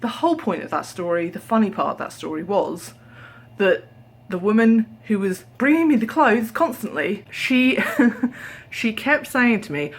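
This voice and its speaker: A woman's voice: medium pitch, animated, moderate pace, breathy edge. A tired young British woman chatting to her camera at home, telling stories animatedly, acting out voices and sometimes dropping to a whisper. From Britain. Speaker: vlogger. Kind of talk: casual chat. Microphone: camera held at arm's length.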